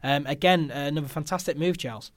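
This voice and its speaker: A man's voice: a little high, quick pace, dry recording. A man hosting a casual football podcast, upbeat and chatty, with many "uh" fillers and repeated words. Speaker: podcast host.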